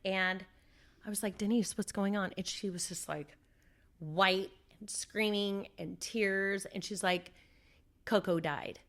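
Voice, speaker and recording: Woman from Southern California, interview guest, middle pitch, animated storyteller acting out quotes. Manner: animated storyteller, acts out her own quotes. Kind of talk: recounting a personal story.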